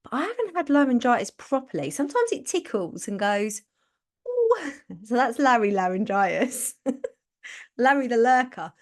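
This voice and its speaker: A woman's voice: on the high side, moderate pace. Chatty woman coaching. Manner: chatty, animated, laughs often, acts out quotes. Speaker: podcast host and business coach. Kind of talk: casual motivational talk on a live stream.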